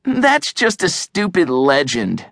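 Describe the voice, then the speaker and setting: A man's voice: fairly high pitch, huge pitch swings, takes it slowly, creaky, fairly bright tone, no echo, studio quality, voice pushed up, full character voice. A man voicing a level-headed, impatient boy in an audiobook, with an exasperated, matter-of-fact manner. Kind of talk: audiobook character voice.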